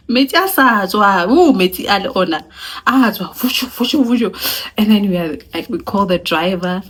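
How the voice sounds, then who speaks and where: A young South African woman with a South African accent, telling her own story in a casual, animated vlog, laughing and switching between languages. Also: mid-range voice, a little fast, breathy edge. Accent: South African (Sesotho-speaking). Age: young adult. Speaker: vlogger.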